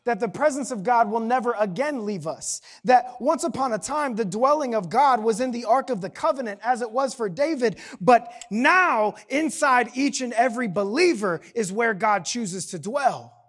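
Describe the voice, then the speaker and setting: A young adult pastor preaching a sermon in a church service, talking casually and then building to impassioned shouting. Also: mid-range voice, expressive, moderate pace, hardly any pauses.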